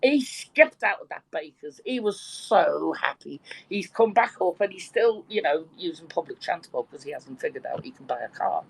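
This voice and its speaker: A woman telling a joke with lively, animated delivery and some swearing in a casual online chat. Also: lowish voice, normal speed, gravelly, few pauses, husky, low-quality recording. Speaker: participant in an online audio chat room.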